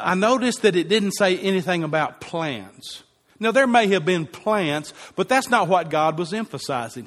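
Man, preacher, sermon, high voice, emphatic repetition, long hall echo. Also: a bit bright. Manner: emphatic, repeats phrases for effect.

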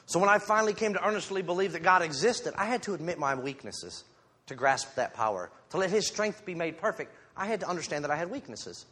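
A lay preacher with a high, sing-song voice gives a casual sermon to his congregation in a church sanctuary, speaking quickly into a handheld mic in a pushed, bright, slightly rough tone. He's candid and pokes fun at himself, tossing in jokes along the way. The recording carries a long hall reverb.

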